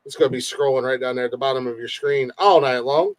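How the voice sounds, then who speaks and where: A man's voice: mid-range voice, quick pace, dry recording. Joking male podcast host, dry mic. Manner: rambling, joking, laughs often. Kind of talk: casual comedy chat. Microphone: livestream mic.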